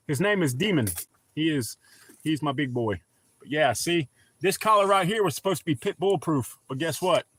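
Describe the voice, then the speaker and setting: Middle-aged male streamer, slightly high voice with a bright edge, easygoing chat with viewers. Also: lively intonation, moderate pace, husky, no room sound. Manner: laid-back, chatty, greets viewers by name. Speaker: livestream host. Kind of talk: casual livestream chat.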